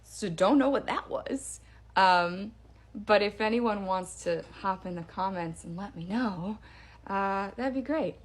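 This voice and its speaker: A woman telling her own spooky story in a casual, chatty way, with fillers and hushed drops for suspense. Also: mid-range voice, a little slow. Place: parents' backyard by a campfire.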